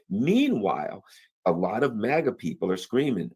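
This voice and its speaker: A man hosting a casual political commentary show, talking emphatically with rhetorical questions and quick mimicked asides. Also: mid-range voice, sing-song, darkish tone, slightly rough. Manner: mimics other people in quick quoted asides.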